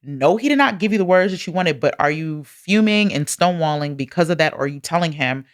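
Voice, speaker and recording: A woman's voice: deep voice, animated, a little fast. A woman co-hosting a podcast, speaking passionately and teasing her co-host in casual chat. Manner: passionate, teasing, playful and emphatic.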